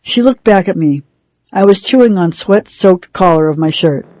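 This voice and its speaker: A woman reading a novel aloud for a radio reading service, in a measured storytelling manner. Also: on the low side, expressive, a little mellow, no room sound, low-quality recording. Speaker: radio reader.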